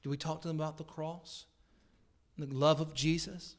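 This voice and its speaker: A male pastor delivering a Sunday sermon in a slightly high voice. He builds to loud, emphatic declarations, then drops to hushed, earnest appeals to his congregation. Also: little pitch movement, moderate pace. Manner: emphatic preaching, swinging between loud declarations and hushed pleas. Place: church service.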